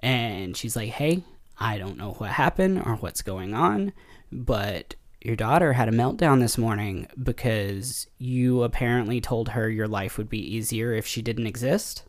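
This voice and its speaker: A man's voice: medium pitch, measured pace. A man co-hosting a casual podcast, recounting a story in a plain, conversational way. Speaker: podcast co-host. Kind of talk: casual chat.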